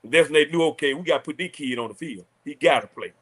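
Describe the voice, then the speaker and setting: A man, a former college quarterback telling animated, laughing stories as a talk show guest. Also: a little high, quick pace, slightly rough. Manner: animated, laughing storyteller acting out quotes. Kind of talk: casual storytelling on a talk show.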